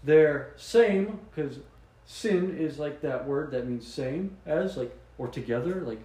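A man's voice: fairly high pitch, slow, echoey room, low-quality recording. Man rambling through absurd explanations. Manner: rambling deadpan absurd explanations, laughs at own jokes. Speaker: podcast co-host. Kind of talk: joking casual chat.

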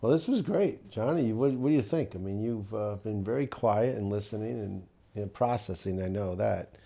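Low, husky podcast host. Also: male voice, mellow. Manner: reactive, short interjections and quick follow-ups. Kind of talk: casual interview chat.

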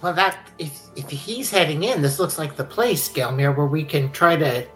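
Brief: female tabletop player, very low voice, polite measured chat. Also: faint music behind.

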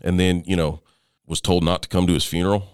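Middle-aged man as interview guest, smooth resonant low voice, dry close sound, halting delivery with restarts. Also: level tone, no room sound. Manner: halting, with frequent restarts and fillers. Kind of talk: personal storytelling in conversation.

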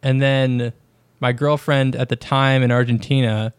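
A man's voice: medium pitch, flat delivery, a little slow, clear, resonant tone, no room sound. A man in his twenties co-hosting a podcast, joking in crude casual banter. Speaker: podcast co-host. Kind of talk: casual chat.

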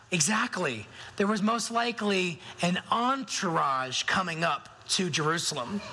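A man's voice: sits high, pushed and bright, poor audio. A man preaching a Christmas sermon, talking conversationally and asking the congregation questions. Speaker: pastor.

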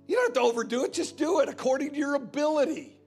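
A man's voice: very high voice, lively intonation, quick pace, darkish tone, faint music behind. A man preaching a sermon as guest pastor, emphatic and repetitive, driving points home again and again. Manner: emphatic preaching with repeated phrases. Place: church.

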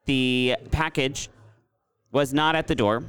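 A man's voice: mid-range voice, fairly even intonation, slow pace, a bit bright, clear, resonant tone. A man co-hosting a podcast, telling a story in a loose, rambling way with plenty of restarts. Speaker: podcast co-host. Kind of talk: casual chat.

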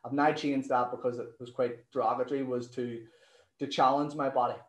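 A man talks like a nutrition coach on a podcast, animated and quick to swear as he tells his stories. His voice sits in a middle pitch. The room around him is echoey. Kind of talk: casual podcast interview.

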